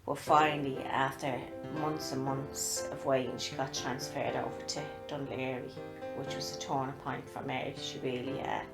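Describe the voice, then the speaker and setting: A woman with an Irish accent telling an earnest, steady story of a family member's time in hospital. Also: extremely low pitch, moderate pace, loud music behind the voice. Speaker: interviewee, sister of the patient. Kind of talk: recorded testimony.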